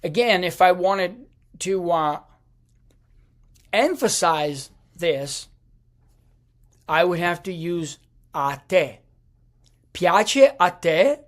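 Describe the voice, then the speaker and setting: A man teaching a language lesson over slides, speaking slowly with many fillers and restarts. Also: high-pitched. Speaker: Italian teacher.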